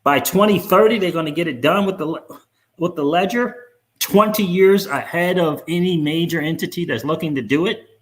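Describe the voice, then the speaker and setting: A man's voice: on the high side, normal speed. A man hosting a crypto video channel, talking casually to viewers and repeating words for emphasis.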